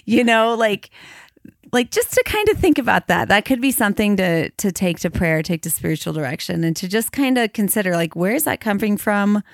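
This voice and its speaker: A woman in her thirties co-hosting a faith podcast, talking in a thoughtful, measured way and slowing down to spell out examples. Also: mid-range voice, big pitch swings, vocal fry, no echo, clean studio sound. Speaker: podcast co-host. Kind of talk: casual conversation about marriage and faith.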